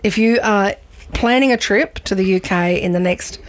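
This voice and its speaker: A woman chatting on the radio about theatre, animated and quick to laugh, with many ums and restarts. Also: mid-range voice. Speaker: radio presenter and arts reviewer. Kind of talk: casual radio chat.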